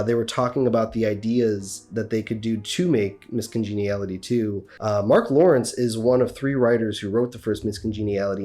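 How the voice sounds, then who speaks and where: A man's voice: fairly low pitch, dark tone. A young adult man hosting a podcast in a casual, chatty way, with lots of fillers. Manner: chatty, uses many fillers. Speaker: podcast host.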